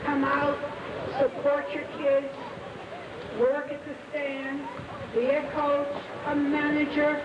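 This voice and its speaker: A woman giving an earnest, halting ceremony speech at an outdoor ballfield. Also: sits high, completely flat delivery. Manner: earnest, halting, with pauses and fillers. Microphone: PA microphone heard from afar. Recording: echoey PA from far off, dull and noisy.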